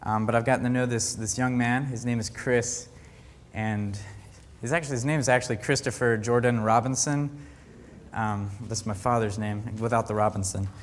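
A young camp counselor gives an earnest faith testimony to a gathered group, stumbling, restarting and hunting for words. His mid-pitched voice stays steady and echoes with a long reverb like a big hall, over slight background noise.

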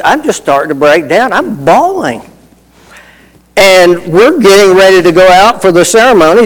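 A man's voice: high voice, in a large hall, poor audio. A middle-aged man preaching a sermon in a folksy, conversational way, telling personal stories with asides. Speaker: pastor.

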